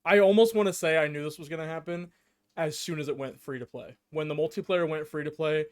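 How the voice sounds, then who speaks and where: A young man with a notably high voice co-hosts a loose podcast chat with friends. He jokes, laughs a lot and swears casually. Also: fast, clean tone. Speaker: podcast co-host.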